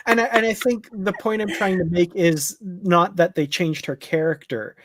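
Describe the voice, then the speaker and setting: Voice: medium pitch, moderate pace, noisy background. A panelist on a live discussion show, easygoing and agreeable, laughing often.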